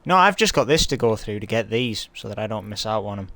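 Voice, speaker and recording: A man's voice: lowish voice, lively intonation, quick pace, fairly bright tone, dry recording. Tired, chatty man streaming. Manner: chatty and sweary, with offhand asides. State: tired from work. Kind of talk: casual live-stream commentary and story reading.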